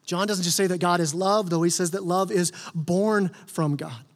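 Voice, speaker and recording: A man's voice: high voice, steady tone, normal speed, long reverb tail. A male pastor preaching a sermon in an earnest, conversational way, often restarting his words. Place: church sanctuary.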